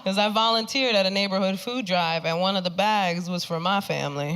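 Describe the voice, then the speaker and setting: A woman's voice: medium pitch, a little fast. A woman performing a stand-up comedy set, telling stories in a punchy way and acting out the voices of other people. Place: comedy stage. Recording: live club set with audible crowd and noise. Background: audience laughter and room noise.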